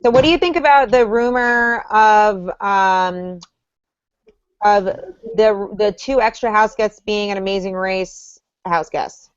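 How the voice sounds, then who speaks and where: A woman co-hosting a livestream leads a casual online group chat about a reality show, steering the conversation and frequently restarting her sentences. Her voice is medium-pitched, slow and smooth, captured in a dry recording with dull audio.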